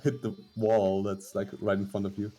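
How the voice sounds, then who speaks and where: Low, dark-voiced male commentator with halting speech. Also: little pitch movement. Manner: halting, analytical, many fillers. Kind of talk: live esports commentary.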